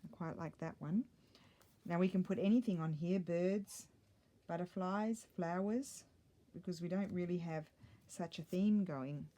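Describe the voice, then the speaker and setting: Mellow chatty woman crafting. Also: on the low side, a little slow. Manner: chatty, thinks aloud, muttering asides. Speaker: craft vlogger. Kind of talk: casual crafting chat.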